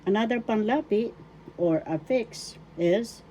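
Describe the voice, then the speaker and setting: A woman's voice: medium pitch, unhurried, mellow, slight background noise. An older woman teaching a language lesson, repeating each word and sounding out its syllables one by one. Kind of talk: slow deliberate language lesson.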